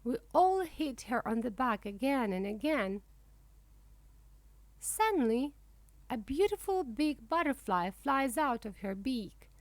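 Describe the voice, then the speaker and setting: Casting: woman narrator for a kids' reader, slow and very lively pitch, dry close sound. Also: no echo. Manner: slow, clear and expressive. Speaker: audiobook narrator. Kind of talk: reading a children's book for English learners.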